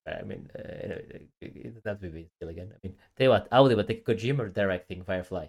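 A man with a fairly low voice, talking casually as a podcast co-host. He rambles through stories, circling back with fillers and restarts. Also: quick pace, gravelly, a little mellow. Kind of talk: casual chat.

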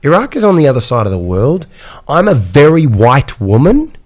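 Man playing a no-nonsense woman aid worker, brisk and disbelieving. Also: medium pitch, huge pitch swings, darkish tone, voice pushed up. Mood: incredulous. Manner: brisk and incredulous.

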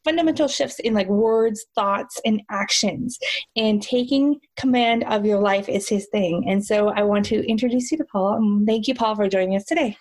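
A woman's voice: mid-range voice, normal speed, a little mellow. A woman hosting a podcast interview, chatty and affirming with her guest. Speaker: podcast host. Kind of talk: casual interview talk.

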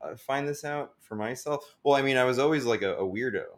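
A man's voice: medium pitch, a little fast. A young man, a stand-up comedian, chatting casually on a podcast, rambling with lots of "like" and frequent laughter. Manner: rambling, heavy use of "like", laughs often.

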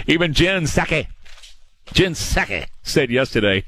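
A man's voice: fairly high pitch, big pitch swings, slow, long pauses, bright, forceful tone. An older man hosting a talk radio show, mocking and sarcastic, often laughing at his own points in a studio. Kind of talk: opinionated talk radio monologue. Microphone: studio broadcast mic.

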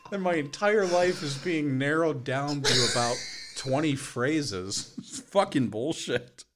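A man's voice: on the high side, takes it slowly, background noise. A man co-hosting a casual podcast chat, swearing often, laughing and sarcastic. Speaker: podcast co-host.

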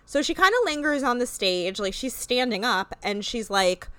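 A woman in casual chat, recapping a reality show with animated retellings and free swearing. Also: fairly high pitch, moderate pace, clean tone, no echo. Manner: animated, swears freely, acts out quoted lines. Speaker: podcast co-host.

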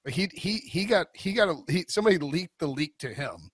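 A man's voice: a little high, expressive, fairly quick, breathy edge, dry recording, clean studio sound. A man co-hosting a sports betting podcast, giving blunt opinions in a rambling casual way with many restarts. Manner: rambling, frequent restarts and fillers.

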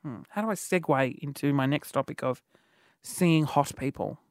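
A man hosting a show from a studio, telling comedic stories in a rambling, animated way with lots of fillers. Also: medium pitch, moderate pace, no room sound. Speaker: podcast host. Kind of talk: comedic monologue.

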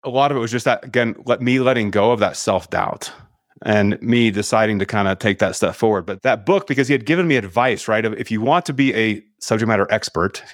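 A man's voice: lowish voice, a little fast, no echo, clean studio sound. A middle-aged man, a sales leadership coach, telling a story as a podcast guest and acting out the dialogue with energy.

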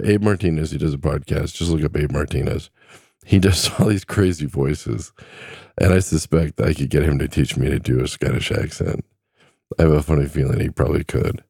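A man's voice: a bass voice, creaky, mellow, breathy edge, no echo, clean studio sound. A middle-aged man hosting his own podcast, chatting in an easygoing, rambling, self-deprecating way about his trucking life. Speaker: podcast host and truck driver. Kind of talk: casual solo podcast chat.

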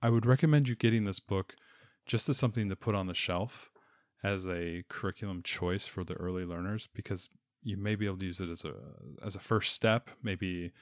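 A man's voice: low-pitched, brisk, dry recording, studio quality. A man, a homeschooling parent, talking casually about a reading program, often restarting and repeating words. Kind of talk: casual podcast chat.

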